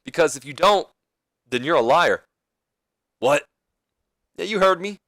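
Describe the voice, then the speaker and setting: A man voicing a brash, cocky male wrestler who loudly taunts and challenges the champion in a wrestling game promo. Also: on the high side, lively intonation, unhurried, dry recording, studio quality, pitched above the performer's own voice. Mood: challenging. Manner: taunting, challenging, raised and loud.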